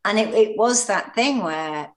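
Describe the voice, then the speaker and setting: A middle-aged British actress recounting stories as an interview guest, animated and acting out the voices of people she quotes. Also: mid-range voice, unhurried. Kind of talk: conversational interview storytelling.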